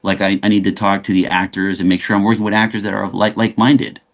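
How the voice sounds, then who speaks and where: A man from Los Angeles with a somewhat low voice speaks as a guest in a relaxed interview. He is a lively storyteller who slips into the voices of the people in his anecdotes. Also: quick pace. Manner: animated storyteller who acts out quoted dialogue. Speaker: actor guest.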